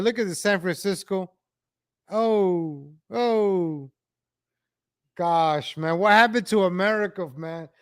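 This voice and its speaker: Man, high voice, unhurried delivery; exasperated reaction streamer who repeats himself. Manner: exasperated, ranting, repeats phrases. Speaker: streamer reacting to old street footage. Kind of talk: reaction commentary.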